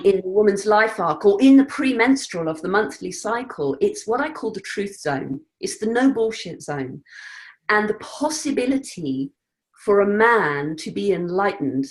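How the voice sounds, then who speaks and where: A woman speaking as an interview guest, earnest and reflective, at times animated and laughing. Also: mid-range voice. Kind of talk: conversational interview.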